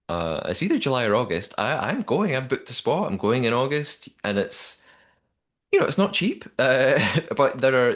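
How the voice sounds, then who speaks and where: A man co-hosting a podcast in casual chat, chatty and animated, with frequent restarts. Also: fairly low pitch. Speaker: podcast co-host.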